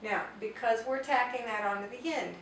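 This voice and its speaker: A woman teaching a grammar lesson at a board, explaining slowly and carefully and reading out Spanish example sentences. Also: fairly high pitch, a bit bright. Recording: echoey room, distant mic, faint noise.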